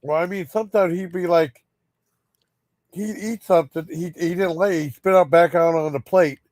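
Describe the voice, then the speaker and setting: A man's voice: high voice, normal speed, darkish tone, no room sound. Rambling, swearing man with a dry voice. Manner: rambling, frustrated, swears freely. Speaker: live stream host. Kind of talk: casual storytelling chat.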